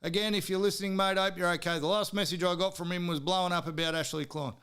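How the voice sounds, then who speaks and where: High, ranting Australian man. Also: steady tone, fast talker, clear, resonant tone. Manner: heated, swearing, sometimes shouting. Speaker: podcast host. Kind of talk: profane sports rant.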